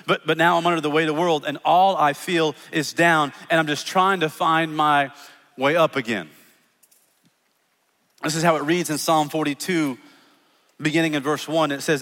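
A man preaching a sermon as pastor, earnest, repeating words and dropping soft when he reads scripture, in a church auditorium. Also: fairly high pitch. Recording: long hall reverb.

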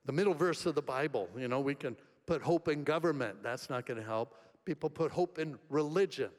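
A man preaching a sermon in a conversational storytelling way, swinging between soft and emphatic delivery. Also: on the high side, a little fast. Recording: long hall reverb.

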